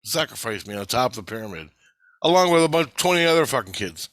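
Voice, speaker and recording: This channel host has a mid-range, fairly bright voice with big pitch swings, talks fast, and is recorded with no room sound. His casual monologue is blunt, rambling with restarts, and heavily profane.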